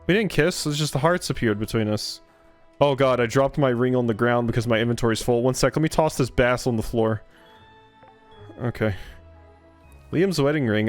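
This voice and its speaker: A man's voice: mid-range voice, moderate pace, pauses often, faint music behind. A man streaming a game live, chatting casually, reading lines of game dialogue aloud and swearing freely. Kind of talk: live gameplay commentary.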